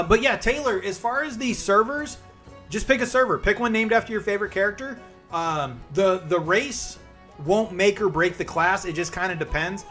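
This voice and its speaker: A man's voice: sits high, pushed and bright. A man in his forties, streaming live and chatting casually, upbeat and calling viewers by name.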